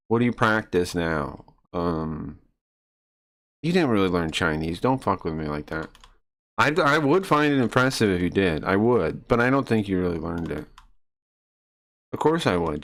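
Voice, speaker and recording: A man streaming live, answering chat in a combative, mocking and crude way, sometimes dropping to low mutters. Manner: drops to low muttering asides. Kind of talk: casual live-stream rant.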